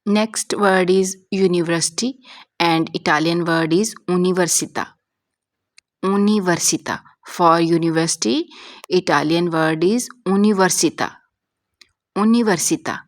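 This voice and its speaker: A woman teaching vocabulary, repeating each word several times in a careful, measured way. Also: lowish voice, steady tone. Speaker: language teacher. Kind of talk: slow, repetitive vocabulary lesson.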